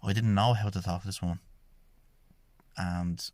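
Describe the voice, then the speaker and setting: Here a man talks at normal speed in a low, steady, slightly mellow voice, with no room sound. He is an Irish shamanic healer and podcast host from Ireland, relating his own life in a wandering monologue full of "I says" as he replays conversations.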